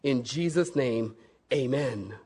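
A man voicing a panicky traveler shouting commands at a runaway donkey and pleading in prayer. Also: medium pitch, expressive, takes it slowly, breathy edge, pitched below the performer's own voice.

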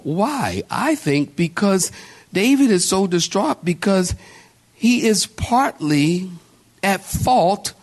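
A man's voice: fairly high pitch, big pitch swings, slow pace. A man preaching a sermon as pastor, emphatic and calling out to his congregation with repeated exhortations. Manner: calls out to the congregation.

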